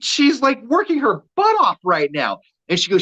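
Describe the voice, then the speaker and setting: A man's voice: extremely high pitch, huge pitch swings, normal speed, few pauses, pushed and bright. A man co-hosting a radio show, telling a story casually and acting out the quotes with energy.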